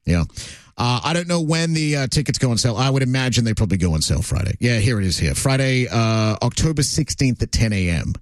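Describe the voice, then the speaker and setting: Male radio host, lively up-and-down pitch, chatty and rambling, dry close mic. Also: fast, no room sound. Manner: chatty, animated storytelling with frequent fillers. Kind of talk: casual on-air chat.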